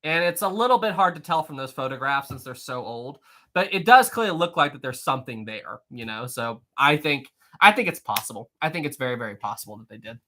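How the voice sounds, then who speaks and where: Man, Southern US accent, livestream host, jokey and chatty, lively bright voice. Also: mid-range voice. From West Virginia. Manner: jokey, chatty, quick to laugh. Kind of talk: casual live-stream chat reading viewer comments.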